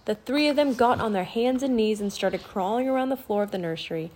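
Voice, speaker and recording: Woman audiobook narrator, children's fiction, clear, expressive. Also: on the high side, fairly quick.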